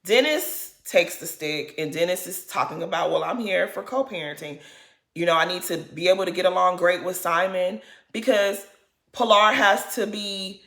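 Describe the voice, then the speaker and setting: A woman's voice: fairly low pitch, moderate pace, fairly bright tone. A woman talks through a reality show episode in a casual, outspoken way. She jumps in and out of the cast's lines as she tells it, and her voice carries a noticeable echo from the room. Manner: blunt, opinionated, acts out quotes of the cast. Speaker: reality show recap commentator. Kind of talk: casual recap commentary.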